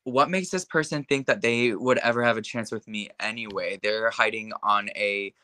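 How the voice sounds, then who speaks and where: A man's voice: on the low side, moderate pace, bright, forceful tone, no echo. A young man in a casual interview, talking frankly with lots of fillers like "like" and "you know". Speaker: interview guest. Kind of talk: casual conversation.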